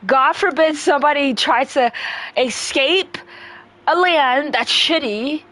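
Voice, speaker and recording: Young woman ranting on stream, swearing a lot, kinda high voice, mic right up close. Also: a bit bright. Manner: profane, combative, rapid rants with breathing. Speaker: livestreamer answering chat. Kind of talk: ranting livestream talk.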